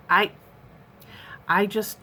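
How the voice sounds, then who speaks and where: A woman's voice: medium pitch, sharp tone. A woman in her fifties talking candidly in a personal vlog, earnest and rambling, with many fillers and restarts. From United States. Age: 50s. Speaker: vlogger.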